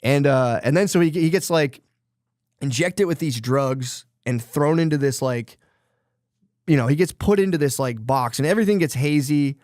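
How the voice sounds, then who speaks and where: A man's voice: a little high, moderate pace, a little mellow, no room sound. Dry-voiced rambling podcast guy. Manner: rambling, profane, lots of fillers and quoted voices. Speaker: podcast co-host. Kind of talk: casual chat, retelling a book plot.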